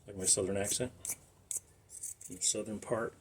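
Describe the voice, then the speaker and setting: A man's voice: fairly low pitch, fairly even intonation, normal speed, a little hiss or hum. A middle-aged man giving casual, rambling commentary while cleaning car light lenses, making self-deprecating asides. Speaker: car restoration vlogger.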